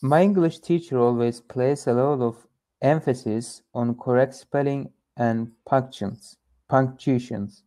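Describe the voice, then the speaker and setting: Adult male English learner, mellow low timbre, hesitant and halting, fillers while he searches for words. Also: steady tone. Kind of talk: one-on-one English lesson.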